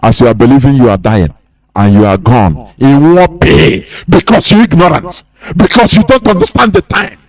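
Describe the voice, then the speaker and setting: A Nigerian man hosting a radio broadcast, talking in a fiery, preaching way that bursts into shouting. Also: medium pitch, normal speed, rough recording. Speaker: radio host. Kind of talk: impassioned broadcast talk.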